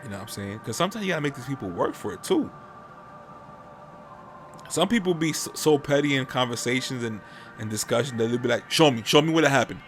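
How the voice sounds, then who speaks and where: A man's voice: medium pitch, animated, brisk, long pauses, soft background music. A man hosting a podcast in casual chat, rambling and swearing freely as he airs his opinions. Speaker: podcast host.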